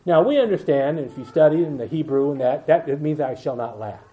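An older man preaching an evening sermon, with a mellow, somewhat higher voice. He stretches out scripture verses with weight and slips into quiet, soft asides. The recording sounds dull and lo-fi. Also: expressive. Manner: reads King James verses slowly and with emphasis, asides in a dropped voice.

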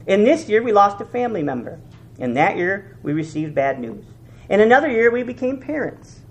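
Fervent male preacher with a lively, swooping voice. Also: moderate pace. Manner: fervent preaching, swings between loud peaks and hushed lows; repeats and restarts phrases for emphasis. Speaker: pastor. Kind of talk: sermon.

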